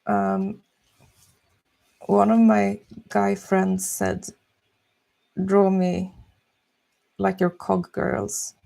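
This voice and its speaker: A young woman chatting softly and musing slowly while she draws on a live stream. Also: mid-range voice, completely flat delivery, vocal fry. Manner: soft-spoken, slow and musing. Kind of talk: casual chat while drawing.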